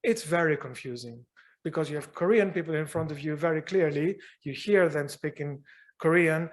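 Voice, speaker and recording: A man answers audience questions after a university lecture. His voice sits fairly high for a man, and he thinks aloud, pausing and rephrasing as he searches for the right words. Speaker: guest lecturer.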